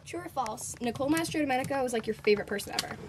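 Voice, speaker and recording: A woman's voice: high-pitched, animated, rapid-fire, slight background noise. A woman interviewer reading fan questions aloud in a playful, teasing way.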